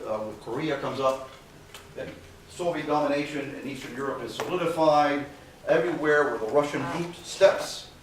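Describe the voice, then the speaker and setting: Male lecturer in a very echoey hall. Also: mid-range voice. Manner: conversational, frequent "okay" and "uh" fillers, dry sarcastic asides. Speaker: university lecturer. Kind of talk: classroom history lecture. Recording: very echoey hall, far from mic, faint hiss.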